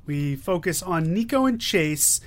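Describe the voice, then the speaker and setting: A man's voice: a little high, expressive, a little slow. A man hosting a podcast, introducing new comics with playful, teasing banter. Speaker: podcast host. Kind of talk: casual comic review chat.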